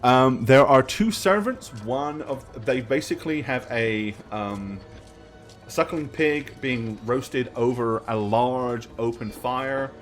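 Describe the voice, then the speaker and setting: A man running a tabletop game, drawing out his scene descriptions at an unhurried pace and filling the gaps with "um". His voice sits at an ordinary middle pitch. Faint music plays behind him. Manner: slow, descriptive narration with many fillers. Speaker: game master.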